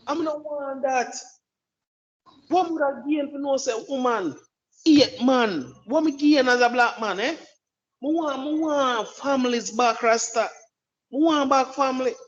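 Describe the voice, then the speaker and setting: A man's voice: extremely high pitch, fairly bright tone, dull audio. A man with a Jamaican accent delivering an emphatic, preachy opinion monologue, often repeating his words. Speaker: commentator.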